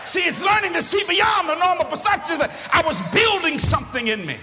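An older man preaching a sermon, fervent and folksy, often shouting as he tells stories. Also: very high-pitched, sing-song, fairly quick. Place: large church hall with congregation. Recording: echoey live hall recording with crowd and noise.

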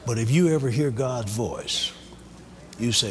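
A man's voice: mid-range voice, moderate pace, in a large hall, over a noisy crowd, heavy background noise. A man preaching a sermon, leading the congregation in call-and-response. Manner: lively, call-and-response preaching with quoted voices.

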